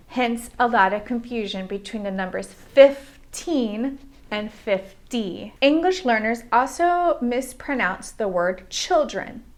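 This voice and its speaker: An American woman teaching English pronunciation, slowly modeling and repeating example words. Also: medium pitch, fairly bright tone. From United States.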